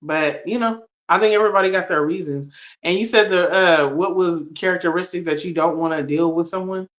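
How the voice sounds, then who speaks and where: A man's voice: high voice, a little fast, a bit bright, muffled recording. A man co-hosting a casual live podcast, talking in a loose, rambling way with many fillers. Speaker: podcast co-host. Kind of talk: casual live-stream chat.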